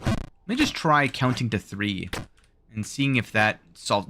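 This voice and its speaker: A man's voice: medium pitch, sing-song, a little slow, pushed and bright, slight background noise. A man with a Southern drawl giving live gameplay commentary, thinking aloud in rambling self-talk, his voice wearing out. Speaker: streamer.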